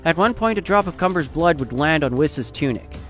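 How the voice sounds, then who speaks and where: A man narrating a fan story in a steady, dramatic storytelling style. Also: on the high side, brisk, faint music behind.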